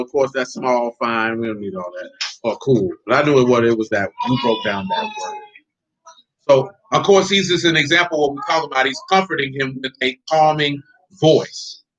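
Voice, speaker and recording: A man's voice: on the high side, a bit bright, muffled recording. A man preaching in a loose, conversational way, joking and talking straight to his congregation. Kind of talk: conversational sermon.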